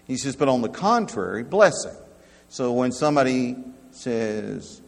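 A pastor preaching a sermon, slow and emphatic, dropping to a hush and then rising loud to make his points. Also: mid-range voice, big pitch swings, vocal fry. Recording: long hall reverb.

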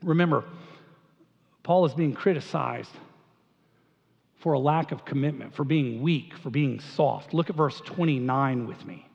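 A man preaching a sermon as a pastor, telling stories with animated energy and often repeating words as he goes. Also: medium pitch, unhurried, vocal fry, long pauses, slightly rough. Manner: animated storytelling, acts out quotes, repeats words. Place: church sanctuary. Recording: dull sound with long hall reverb.

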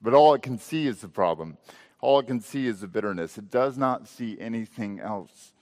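Guy preaching a sermon in a church, voice swells then drops soft, echo hangs in the hall. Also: fairly low pitch, lively intonation, normal speed. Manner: rhetorical questions, swells and drops in volume. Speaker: pastor.

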